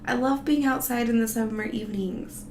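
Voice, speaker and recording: Here a woman vlogs casually, her slightly mellow voice on the high side and her pace normal. Her talk wanders loosely, peppered with profanity and giggles aimed at her viewers, and the audio carries a roomy echo over faint background noise.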